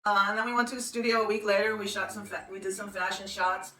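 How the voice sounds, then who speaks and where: A woman's voice: mid-range voice, steady tone, quick pace, loud music behind the voice. A woman in her sixties telling a long personal story in a chatty, rambling way, often laughing. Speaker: podcast host. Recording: roomy, distant from the mic, faint noise.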